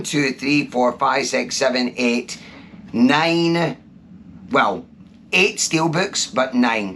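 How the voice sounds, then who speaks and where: A chatty Scottish man talks to camera in a relaxed vlog, excited and rambling, with plenty of ums along the way. His voice sits at an ordinary middle pitch. Clear background noise runs under everything he says. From Scotland. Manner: chatty, enthusiastic, rambling with fillers. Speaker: vlogger. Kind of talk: casual chat to camera. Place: out and about, then indoors in a cabin. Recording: noisy background.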